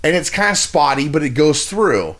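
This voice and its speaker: A man's voice: on the high side, very animated, normal speed, a bit bright. Guy on a podcast going on and on about a bad customer service call, swearing, lots of restarts. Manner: rambling, profane, exasperated retelling. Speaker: podcast co-host. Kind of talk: casual storytelling chat.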